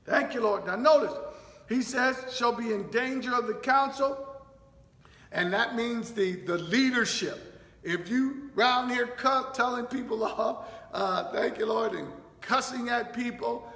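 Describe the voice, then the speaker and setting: A man preaches slowly in a high voice, working through scripture verse by verse and dropping in "thank you, Lord" between points. His words ring out in a church hall with a long echo. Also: creaky, pushed and bright. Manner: teaching verse by verse, many fillers, says "thank you, Lord". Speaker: pastor. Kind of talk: sermon. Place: church sanctuary.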